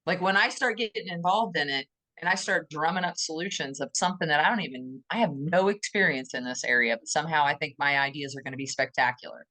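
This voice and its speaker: A woman co-hosting a podcast in casual conversation, enthusiastic and animated, often acting out little quoted voices. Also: sits low, quick pace. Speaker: podcast co-host.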